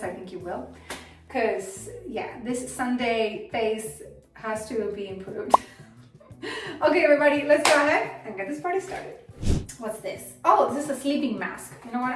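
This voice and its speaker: A woman chatting through a casual beauty product review, excitable and self-deprecating about her makeup skills. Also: a little high, recorded from a distance. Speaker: beauty vlogger. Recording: roomy echo, off-mic, faint music.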